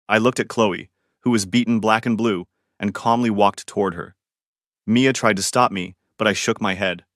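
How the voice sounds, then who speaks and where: A man narrating a first-person drama story in a calm, even scripted reading. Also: lowish voice, normal speed, no room sound, clean studio sound.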